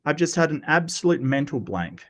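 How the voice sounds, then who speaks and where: A man hosting a casual livestream, animated and self-mocking, often stumbling over his words. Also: a little high, moderate pace. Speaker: host.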